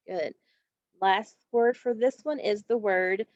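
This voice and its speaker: In a dull, dry, lo-fi home recording with no echo, a woman teacher with a medium-pitched voice walks children through phonics. She draws out every word with slow, careful modeling.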